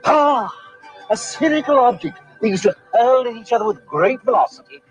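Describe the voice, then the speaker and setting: A man's voice: very high voice, expressive, normal speed, faint music behind, low-quality recording. An actor playing a pompous male professor in an old TV commercial, lecturing with theatrical relish. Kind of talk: 1960s TV commercial.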